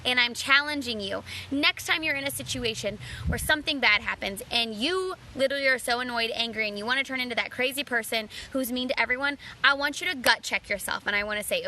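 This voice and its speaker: Bright-voiced woman giving an earnest pep talk. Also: a little high, fast talker, hardly any pauses, a little hiss or hum. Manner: earnest, challenging listeners with direct questions. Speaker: mom vlogger. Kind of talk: motivational talk.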